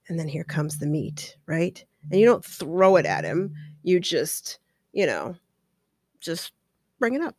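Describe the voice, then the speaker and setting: A middle-aged woman hosting a podcast, giving casual advice in a chatty, animated way and acting out little scenes. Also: low-pitched, unhurried, no room sound, clean studio sound. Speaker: podcast host.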